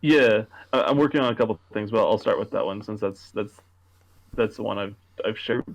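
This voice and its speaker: Young man, low voice, halting casual chat. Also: a little hiss or hum, poor audio. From Canada. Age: young adult. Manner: halting, restarts often, laughs easily. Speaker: podcast co-host, horror writer.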